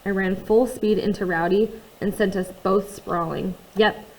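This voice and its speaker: A woman narrating a first-person novel in a quiet, confiding way, with conversational asides to the listener. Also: medium pitch, fairly even intonation, unhurried, rough recording. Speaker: audiobook reader.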